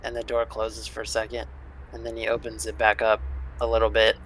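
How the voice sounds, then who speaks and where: Man, game master, bright tone, casual narration, lots of fillers. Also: lowish voice, monotone, fairly quick, slight background noise, poor audio. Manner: casual, loose, with many fillers.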